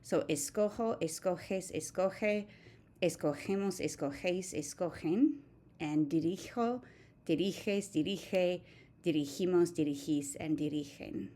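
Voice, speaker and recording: A woman with a lowish, mellow voice works through a recorded grammar lesson. She is steady and methodical, reciting verb forms one at a time like a patient teacher. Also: measured pace. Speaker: Spanish teacher.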